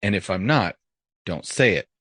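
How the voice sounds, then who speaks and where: A man with a lowish voice swaps jokes around a podcast table. He delivers each one flat and deadpan, then laughs at his own punchline. The sound is dry and close to the mic. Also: moderate pace, husky, no echo. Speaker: podcast co-host. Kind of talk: casual joke-telling chat.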